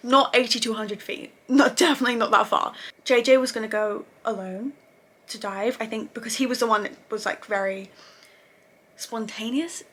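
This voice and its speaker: A woman's voice: on the high side, fairly even intonation, normal speed, a bit bright. A young woman casually recapping TV episodes, chatty and gushing, with lots of fillers and self-corrections. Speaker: TV review vlogger.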